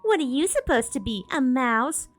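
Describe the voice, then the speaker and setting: A smug schoolgirl who loves mean pranks, her voice lifted high into a sing-song sneer, as a woman reads her lines aloud. A storybook character, pointed and mocking. Faint music plays behind. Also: big pitch swings, moderate pace.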